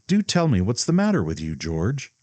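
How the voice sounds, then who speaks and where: A man voicing a spirited young woman who teases gently in a light, raised voice. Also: mid-range voice, huge pitch swings, moderate pace, no room sound, voice pushed up. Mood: teasing.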